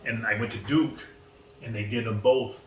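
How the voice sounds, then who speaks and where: A man's voice: lowish voice, moderate pace. A man in his fifties with a Boston accent, a podcast guest telling long stories and acting out who said what. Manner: animated, acts out quoted exchanges. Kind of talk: casual storytelling. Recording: roomy, distant mic, faint background noise.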